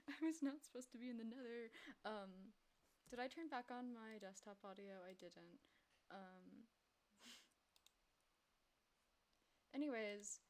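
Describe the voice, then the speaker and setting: A woman's voice: on the high side, slow pace, pauses often. A young woman casually commenting on her own game play on a livestream, chatty and giggly, talking to herself and her chat. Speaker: streamer playing a block-building game.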